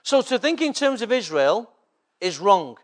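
High-pitched preaching man. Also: big pitch swings, a little slow. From England. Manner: preaches with frequent rhetorical check-ins to the congregation. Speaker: pastor. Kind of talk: sermon.

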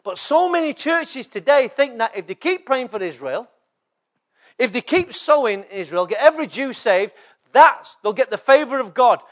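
A man's voice: very high-pitched, expressive, moderate pace. A man from England preaching a sermon as a pastor, often checking in with the congregation through short rhetorical questions.

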